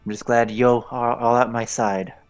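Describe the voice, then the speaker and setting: A man voicing a loyal, determined young man, speaking quietly and earnestly. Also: mid-range voice, steady tone, moderate pace, faint music behind, natural voice.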